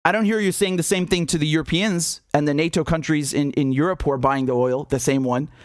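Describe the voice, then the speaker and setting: A young man hosting a live political commentary stream, animated and scornful, laughing often and restarting his sentences. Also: a little high, brisk, no echo, clean studio sound.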